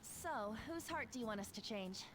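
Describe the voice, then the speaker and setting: An actress playing a stern teenage student council president in a video game, cool and commanding. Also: female voice, fairly high pitch, expressive, normal speed, natural voice, rough recording. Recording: game audio with music behind.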